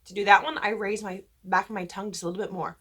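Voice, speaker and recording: Over music, a woman of medium pitch and steady tone talks very fast while teaching diction to church cantors. She is a voice teacher who explains with patience and stops to sing vowel examples, showing the shapes they should take.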